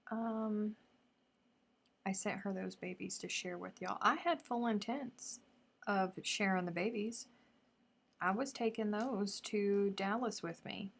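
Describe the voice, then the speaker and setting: A woman hosting a casual live craft stream, chatting effusively and dropping now and then into soft murmurs. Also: mid-range voice, slow, gravelly. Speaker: crochet livestream host.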